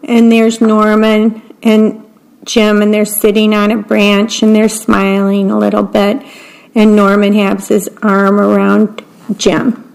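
A woman's voice: medium pitch, completely flat delivery, gravelly, a little mellow, poor audio. A woman reading children's picture books aloud, patiently describing each picture as she goes. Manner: slow, plain and patient, pointing out the pictures. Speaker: story reader.

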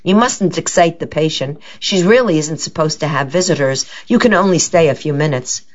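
A brisk, businesslike nurse lays down the rules firmly, as a woman reader voices her. The sound is dull and lo-fi. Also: deep voice. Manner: brisk, firm. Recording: dull lo-fi recording.

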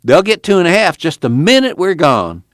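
A man voicing an earnest, excitable former preacher with a rural drawl. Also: fairly high pitch, moderate pace, no echo, clean studio sound, pitched above the performer's own voice. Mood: urging. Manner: rural Dust Bowl drawl, impassioned.

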